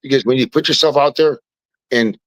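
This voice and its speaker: An animated man, talking at an everyday middle pitch. He tells stories in a loose, casual way, repeating and restarting words as he goes. The sound is close and dry. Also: fairly quick, dry recording, poor audio. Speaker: podcast guest. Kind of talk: casual storytelling chat.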